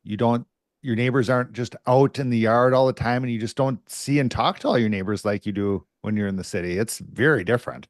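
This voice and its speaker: A man's voice: mid-range voice, a little fast, no echo, clean studio sound. A man hosting a podcast in casual conversation, an affirming listener who chimes in with short agreements. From United States. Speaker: podcast host.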